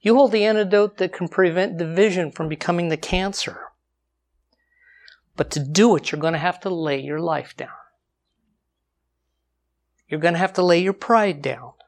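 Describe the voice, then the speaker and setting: A man preaching a sermon. His delivery moves widely, slowing to read scripture, jumping up in pitch and volume to drive a point home, then sinking to a near hush. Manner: dynamic delivery, slows for scripture, jumps high for emphasis, drops to quiet.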